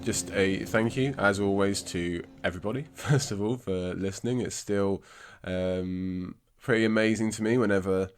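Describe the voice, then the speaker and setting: Congested man with low voice. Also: moderate pace, hardly any pauses. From England. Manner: self-deprecating, rambling with fillers. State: congested, scratchy throat. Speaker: podcast host. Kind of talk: casual podcast chat about books.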